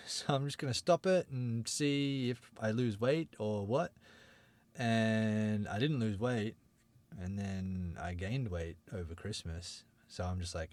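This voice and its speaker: A man's voice: fairly low pitch, slow pace, darkish tone, no room sound. A man chatting casually on a podcast, telling stories in a laid-back, jokey way. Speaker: podcast co-host. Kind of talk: casual chat.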